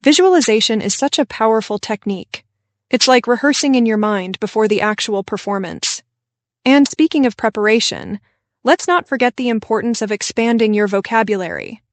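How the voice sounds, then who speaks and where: Clear, instructive woman co-hosting a podcast. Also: fairly high pitch, moderate pace, no room sound. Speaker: podcast co-host. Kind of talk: scripted English-learning podcast dialogue.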